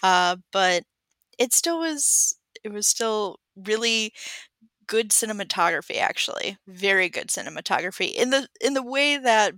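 A woman's voice: medium pitch, expressive, a little slow, bright, forceful tone, dry recording. A woman co-hosting a podcast and chatting casually about a film, rambling with many hesitations and giggles. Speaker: podcast co-host. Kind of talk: casual movie-review chat.

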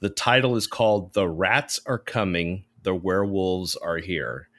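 A man's voice: low voice, a little slow, no room sound. A man co-hosting a casual podcast about movies, telling stories animatedly and mocking voices. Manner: animated storyteller, mocks voices. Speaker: podcast co-host.

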